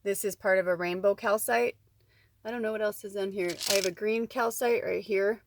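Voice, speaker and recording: A woman's voice: mid-range voice, steady tone, moderate pace, noisy background. A woman giving a casual spiritual card reading at home. She rambles in a chatty way, full of asides and "like". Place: at home indoors.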